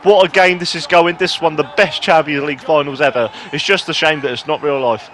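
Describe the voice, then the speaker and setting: Brief: man, high voice, excitable play-by-play football game commentary with self-mocking asides. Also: fast, slight background noise. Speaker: gaming YouTuber.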